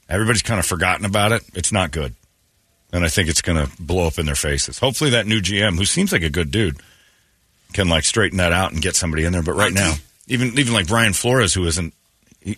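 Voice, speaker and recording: A man's voice: low-pitched, husky, no echo. A middle-aged man hosting a morning radio show, joking and sarcastic in casual banter. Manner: joking, sarcastic, animated delivery. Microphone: studio microphone.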